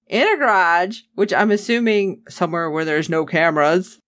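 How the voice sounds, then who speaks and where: A woman's voice: lowish voice, normal speed, fairly bright tone, dry recording, clean studio sound. A woman chatting casually as a podcast co-host, recapping a TV episode with sarcasm and acting out the characters' lines.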